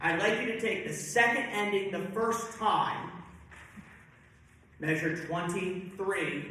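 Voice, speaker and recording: High, bright-voiced man leading rehearsal. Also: a little hiss or hum. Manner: brisk, directive, counts in the ensemble. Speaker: conductor. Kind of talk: rehearsal instruction. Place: rehearsal hall with choir and orchestra. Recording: very echoey hall with music.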